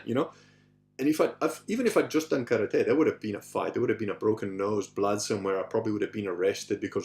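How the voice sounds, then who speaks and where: With a fairly low pitch and a fast pace, a middle-aged podcast host answers listener questions in a casual storytelling monologue. He rambles with many restarts, asides and "you know," acting out voices in an animated way.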